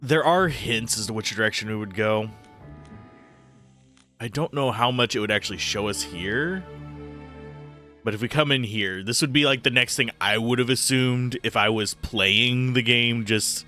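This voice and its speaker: A man's voice: medium pitch, normal speed, bright, forceful tone, soft background music. A man streaming a game live, talking casually with a groggy, phlegmy morning voice, rambling and self-deprecating. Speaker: let's play streamer.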